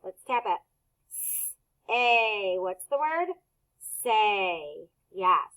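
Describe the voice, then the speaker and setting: A woman teaching a phonics lesson to children, speaking slowly and patiently as she sounds out words. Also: medium pitch, big pitch swings, a bit bright, poor audio.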